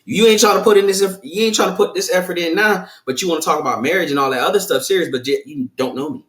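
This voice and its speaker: A man, a guest in a candid talk, speaking in a fairly high voice. He comes across as playful and loose, often repeating himself as he restarts. The room around him is echoey. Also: fast, fairly bright tone. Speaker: podcast guest. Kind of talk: candid casual discussion.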